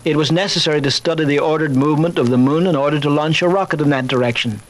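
An older man, a chaplain, giving a measured talk on faith with dry humor and personal stories. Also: on the high side, poor audio. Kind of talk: recorded talk on faith, told through anecdotes.

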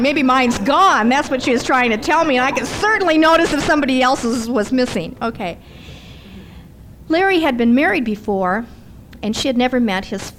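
High-voiced woman preaching conversationally. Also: a little hiss or hum. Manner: conversational, animated storytelling. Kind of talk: sermon with personal story.

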